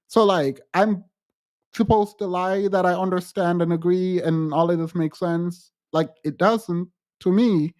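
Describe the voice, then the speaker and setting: A man hosting a livestream, talking frankly to his chat in halting restarts and growing emphatic when he quotes others. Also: sits high, fairly even intonation, a little mellow. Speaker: livestream host. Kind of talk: livestream chat answering viewers.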